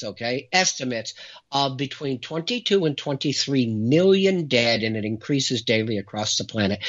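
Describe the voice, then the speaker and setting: A man's voice: medium pitch, fairly bright tone. A man hosting a talk show, delivering an emphatic, dramatic monologue. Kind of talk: impassioned monologue. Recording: dull lo-fi recording.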